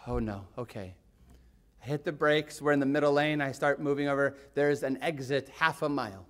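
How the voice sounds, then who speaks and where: A middle-aged man, a pastor, telling a story in a sermon, animated and swinging from hushed to excited. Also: a little high, a little fast.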